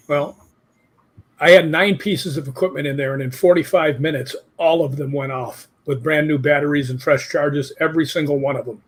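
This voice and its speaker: An older man with a husky voice, a guest telling rambling ghost-hunting stories in a casual interview. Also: a little high, steady tone, fairly quick. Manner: rambling anecdotes with asides, quotes his own questions.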